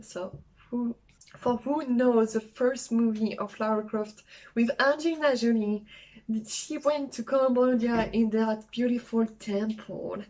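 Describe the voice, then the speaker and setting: A young woman from France with a French accent, chatting casually and haltingly in a travel vlog, with many fillers. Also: fairly high pitch, a little mellow, low-quality recording. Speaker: travel vlogger. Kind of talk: casual solo vlog talk.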